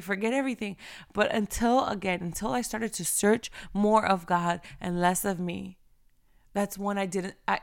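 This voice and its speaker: A woman's voice: medium pitch, fairly bright tone, smooth. A young woman speaking fervently to her listeners, quoting scripture and sharing her own struggles in a personal, encouraging way. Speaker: faith speaker.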